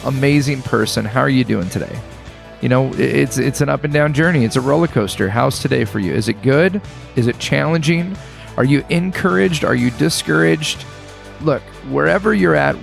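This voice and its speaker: Earnest gravelly-voiced man, podcast host. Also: mid-range voice. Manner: earnest, encouraging, halting with restarts. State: a little choked up. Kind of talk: casual podcast monologue. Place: hotel room.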